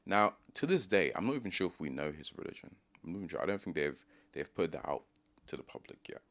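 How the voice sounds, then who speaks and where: A young man with a London accent talks through his views in a loose, unscripted monologue. His voice sits very low, and he often stops, restarts and reworks a sentence as he goes. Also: very animated, a bit bright. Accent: London English. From London, England. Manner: thinking aloud, restarts and pauses mid-sentence. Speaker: video commentator. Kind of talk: casual opinion monologue.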